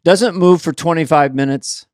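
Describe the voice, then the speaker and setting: A man co-hosts a loose comedy conversation, his voice sitting a little higher than most. He tells animated stories and keeps breaking into goofy voices. The sound is dry and close. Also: moderate pace, dry recording. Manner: animated storyteller, bursts into voices. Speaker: co-host. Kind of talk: casual comedic chat.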